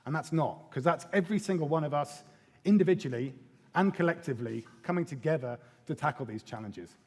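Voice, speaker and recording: A man giving a lively, irreverent conference talk, with casual swearing and small acted quotes. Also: a little high, a little fast. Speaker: conference speaker. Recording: long hall reverb.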